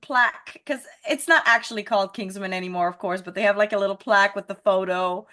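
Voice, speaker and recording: A woman's voice: mid-range voice, quick pace, sharp tone. A woman co-hosting a podcast, chatting enthusiastically and casually about a film, with some casual swearing. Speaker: podcast co-host. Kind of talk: casual film review chat.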